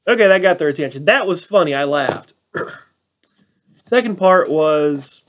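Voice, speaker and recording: Sarcastic high-voiced man reviewing a movie. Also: expressive, a little slow, a bit bright. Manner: sarcastic, acts out quotes in mocking voices. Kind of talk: casual film review rant.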